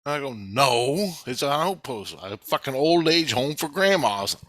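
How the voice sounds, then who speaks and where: A man's voice: mid-range voice, very animated, measured pace, a bit bright, no echo. A man telling a rambling, agitated, profanity-filled story about his own experiences and acting out what others said to him in his own voice. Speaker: vlogger recounting experiences. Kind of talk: rambling first-person story.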